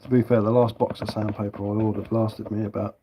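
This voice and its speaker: A man with a southern English accent talks in an easy, rambling way on a live stream, replying to viewers as he works. His voice sits on the low side. Faint clicks and scraping from his carving tick along under his talk. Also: a little fast, slight background noise. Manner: relaxed, rambling, answers viewer comments while working. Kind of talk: casual live-stream chat.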